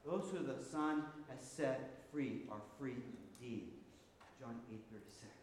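Animated male preacher in an echoey hall. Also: mid-range voice, unhurried, slight background noise. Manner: animated preaching with repeated restarts. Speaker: pastor. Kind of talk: sermon. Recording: echoey hall with long reverb.

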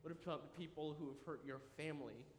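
A man in his thirties preaching a sermon, animated and enthusiastic, dropping at times to a quiet, earnest tone. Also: on the high side, quick pace, a little hiss or hum. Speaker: pastor. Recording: echoey room with faint ambience.

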